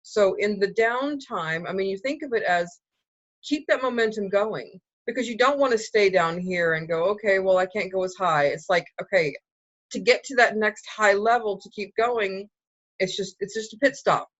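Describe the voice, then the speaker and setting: A woman's voice: mid-range voice, normal speed, a bit bright, dry recording, dull audio. A woman co-hosting a casual spiritual chat, reassuring and thoughtful as she explains. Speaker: spiritual co-host.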